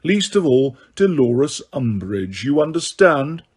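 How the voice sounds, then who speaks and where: A man voicing a cold, sneering male potions master who speaks quietly, slowly and waspishly. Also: medium pitch, sing-song, slightly rough, exaggerated voice. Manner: slow, quiet, silky and waspish.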